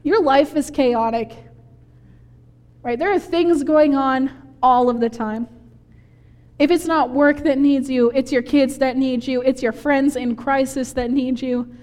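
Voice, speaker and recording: A woman preaching a sermon, telling the story in an animated, conversational way. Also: high-pitched, measured pace. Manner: animated storytelling, acting out quoted voices with laughs. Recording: long hall reverb.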